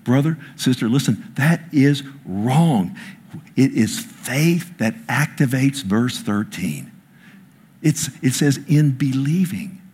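A man preaching a sermon as pastor, talking with people in the crowd and asking for amens. He swings from loud, rising declarations to hushed whispers. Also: medium pitch, lively intonation, slow, breathy edge. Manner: quotes scripture and asks the crowd for amens. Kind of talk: sermon with audience interaction.

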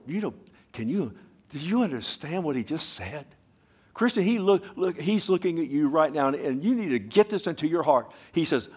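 A middle-aged man preaching a sermon as pastor, swinging from hushed, slow lines to loud, emphatic ones. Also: fairly high pitch, expressive, husky.

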